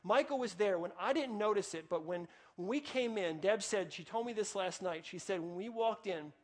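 A middle-aged man preaching to his congregation, telling a personal story in a conversational way and dropping to a hush for prayers. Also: high voice, moderate pace. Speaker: pastor.

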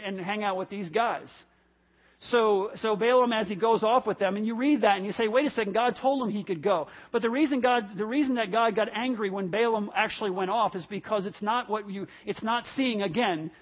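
A male pastor preaching a sermon, animated and storytelling, acting out the voices in the stories he tells. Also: high voice. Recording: dull lo-fi audio.

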